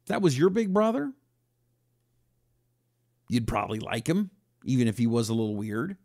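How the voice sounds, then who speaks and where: A man's voice: mid-range voice, moderate pace, no room sound, clean studio sound. A man hosting a talk radio show, telling stories and acting out quotes. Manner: animated storytelling, acting out quotes.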